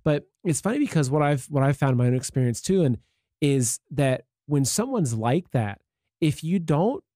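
A man with a warm, mellow voice hosts an interview, chatting loosely with lots of fillers. The close, dry sound has almost no room echo. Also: on the high side, sing-song, normal speed. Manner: conversational, with many fillers like "like" and "you know". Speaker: interview host. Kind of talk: casual interview talk.

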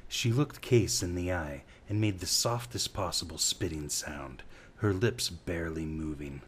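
A man reading a novel aloud as an audiobook narrator, in a slow, measured way. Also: low voice, a little hiss or hum. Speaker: audiobook reader.

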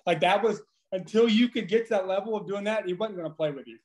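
High-voiced man telling profane stories. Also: fast talker. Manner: profane, animated anecdotes with frequent laughing. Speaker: podcast guest, former baseball pitcher. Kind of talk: casual storytelling.

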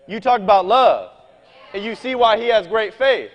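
A man preaching a sermon in a folksy, animated way, reading scripture aloud and talking straight to his congregation. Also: high-pitched, normal speed, big-room sound. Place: church meeting hall.

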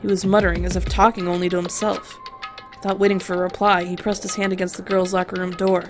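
A woman's voice: on the low side, level tone, quick pace. A woman playing a video game, reading its text aloud and reacting emotionally, swearing and bursting into screams. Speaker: let's player. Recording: background game music.

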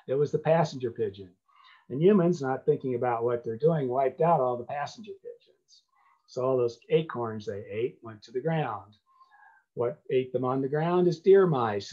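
A man's voice: medium pitch, a little mellow, muffled recording. An older man from the United States giving an earnest, conversational talk to a conservation club, often restarting his sentences. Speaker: conservation speaker. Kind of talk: lecture to a club.

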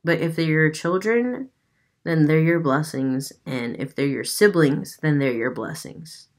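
Woman tarot reader, low voice, unusual accent, chatty and offhand. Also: measured pace. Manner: chatty, swears, laughs at herself. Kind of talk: casual tarot reading.

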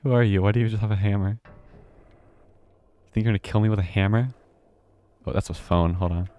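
A man's voice: fairly low pitch, moderate pace, smooth, highs cut off. A man streaming a horror game live, chatting and reacting aloud as he plays. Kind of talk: casual gameplay commentary.

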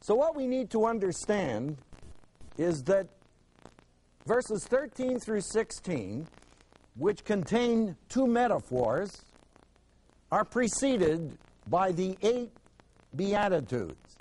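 A man's voice: high-pitched, big pitch swings, slow, pauses often, a little mellow, low-quality recording. Emphatic man teaching a Bible class. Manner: emphatic, rhetorical questions, repeats words for stress.

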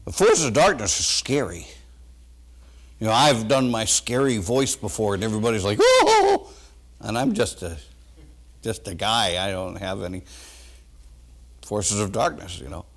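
A pastor preaching a sermon to his congregation, folksy and animated, swinging between loud bursts and quiet asides. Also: lowish voice, normal speed, pauses often. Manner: folksy, talks straight to the congregation.

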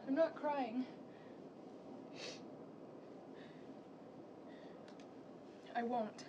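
A woman's voice: fairly high pitch, highs cut off, background noise, close to an everyday voice. An actress in her twenties playing a despairing young woman, the youngest sister, on stage with tearful outbursts. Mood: subdued. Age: 20s. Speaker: stage actor. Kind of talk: live stage acting.

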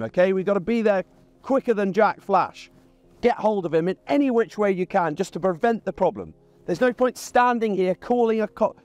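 Trainer, talks outdoors by a pond, plain and chatty, higher male voice. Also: darkish tone, dry recording. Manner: chatty, plain-spoken, ranting asides. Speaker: dog trainer.

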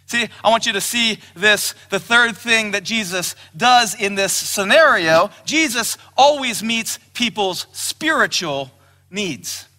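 A pastor with a high, bright voice delivers a sermon slowly in a church hall, preaching emphatically and raising his voice to quote scripture. A long hall reverb follows his words.

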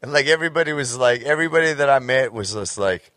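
A man's voice: medium pitch, lively intonation, fast talker, fairly bright tone, dry recording. A young man co-hosting a podcast in crude casual banter, laughing often and swearing, with a slight slur. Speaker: podcast co-host.

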